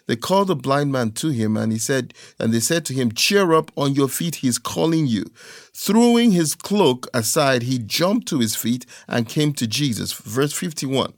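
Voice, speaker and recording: A man's voice: mid-range voice, no room sound. Emphatic preacher man, dry sound. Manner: emphatic, repeats key phrases. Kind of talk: sermon with scripture reading.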